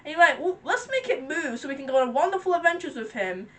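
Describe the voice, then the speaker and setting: Sex: woman. Style: high lively reaction chatter. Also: fast. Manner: excitable, giggly chatter with frequent laughs. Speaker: reaction video host. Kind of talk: casual reaction commentary.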